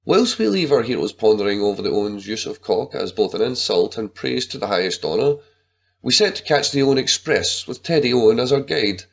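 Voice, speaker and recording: A man narrating an adventure story in a lively, dramatic reading. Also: mid-range voice, fairly quick, creaky.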